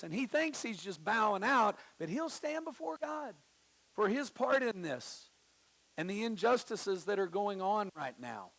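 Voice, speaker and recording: High-voiced gravelly man preaching. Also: a bit bright. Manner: conversational preaching, acting out quoted voices, pitch swinging widely. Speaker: pastor. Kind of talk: sermon. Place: church sanctuary.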